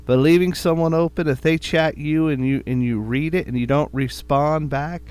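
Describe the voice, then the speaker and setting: A man's voice: on the high side, normal speed, darkish tone, smooth. A middle-aged man co-hosting a podcast, chatting casually in an easygoing, rambling way and often repeating words. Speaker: podcast co-host.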